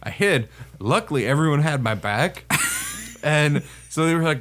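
A man's voice: mid-range voice, moderate pace. A man casually telling a crude army story, laughing often and swearing freely.

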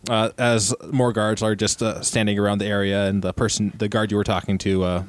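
A man's voice: lowish voice, flat delivery, fairly quick, no echo. A man running a tabletop game as game master, narrating with frequent laughs and fillers. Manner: laughing often, many fillers.

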